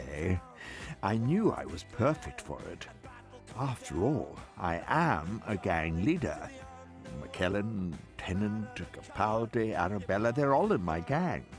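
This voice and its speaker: An older man with a Scottish accent, narrating and acting in a scripted radio comedy with dry, deadpan delivery. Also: on the low side. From Scotland.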